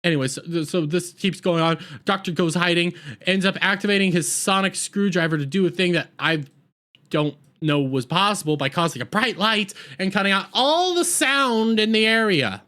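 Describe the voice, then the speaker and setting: Rambling, sarcastic man with a high voice. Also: animated, normal speed, pushed and bright. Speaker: TV episode reviewer. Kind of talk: casual recap review.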